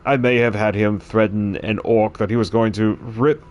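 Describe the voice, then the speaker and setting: A man's voice: lowish voice, moderate pace, highs cut off. A man streaming a game, chatting casually and telling rambling stories with frequent chuckles. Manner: rambling, chuckling, animated storytelling. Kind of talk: casual chat on a livestream.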